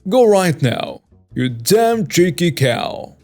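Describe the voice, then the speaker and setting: A man's voice: sits high, very animated, slow, a little mellow, soft background music, pitched above the performer's own voice, exaggerated voice. A man doing a blunt old Welsh man.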